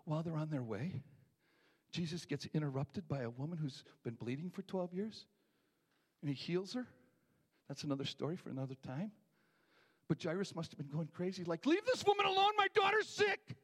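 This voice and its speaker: A middle-aged man preaching a sermon, telling a story with animated acted voices and hushed moments. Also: a little high, normal speed, husky. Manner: animated storytelling, acting out voices, dropping to near whispers. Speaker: pastor.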